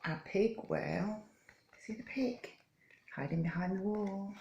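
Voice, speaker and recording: A woman hosting a children's story time, reading slowly and coaxing little listeners to join in. Her voice has a gravelly edge, and the room around her rings with echo. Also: mid-range voice, muffled recording, noisy background. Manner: slow, gentle, coaxing, invites children to join in; teaches simple hand signs step by step. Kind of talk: reading a picture book aloud to young children. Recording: echoey room.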